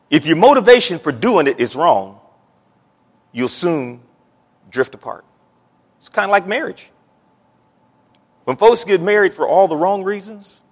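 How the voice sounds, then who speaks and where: A man preaching a sermon as pastor in a church, building from quiet asides to emphatic peaks and repeating words as he goes. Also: on the high side. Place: church sanctuary. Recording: long church reverb.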